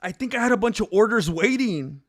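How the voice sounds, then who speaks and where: A man's voice: sits high, animated, a little fast, no echo, clean studio sound. A man hosting a casual livestream, rambling conversationally and answering his chat. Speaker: livestream host.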